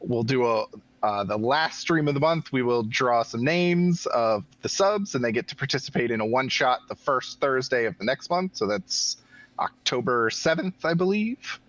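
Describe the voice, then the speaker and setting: A man's voice: medium pitch, animated, normal speed, a bit bright, no room sound. A man co-hosting a group stream, giving announcements in an easygoing, plain way. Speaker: stream co-host making announcements. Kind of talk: casual group chat on stream. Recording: dry, dull lo-fi mic.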